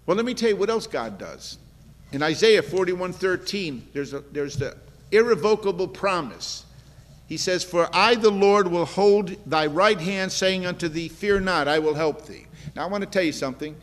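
A man preaching a sermon in an earnest, conversational way, repeating key phrases as he speaks to his congregation. His voice sits high for a man. The room gives a long, hall-like reverb behind him. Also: lively intonation, moderate pace, a bit bright. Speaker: pastor.

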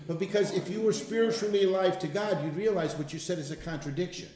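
A man talking casually to a group, telling stories and stressing points with slow, emphatic words. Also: high-pitched, dark tone. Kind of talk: casual testimony talk. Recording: echoey room.

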